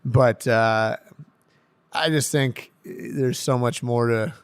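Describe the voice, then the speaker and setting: A man, a professional hockey player, telling stories in a casual podcast interview, laughing often and getting loud when excited. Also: medium pitch, takes it slowly, smooth. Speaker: pro hockey defenseman guest.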